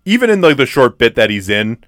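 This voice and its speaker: A man co-hosting a podcast chats about a film, rambling with plenty of fillers and restarts. His medium-pitched voice is sing-song and fairly bright, and he talks fairly quickly. The studio sound is clean, with no echo.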